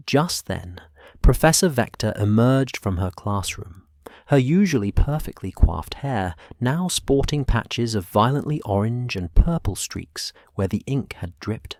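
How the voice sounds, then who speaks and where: A man gently narrating a sleep story, hushed and unhurried. His voice is fairly low and the pace is very slow. The sound is close and dry, with no room around it. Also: dry recording.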